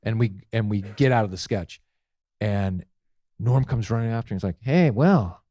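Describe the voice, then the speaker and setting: A man's voice: fairly low pitch, normal speed. A man telling backstage anecdotes in a casual chat, acting out the other people's lines as he goes. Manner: animated storyteller who acts out quotes. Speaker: guest comedian.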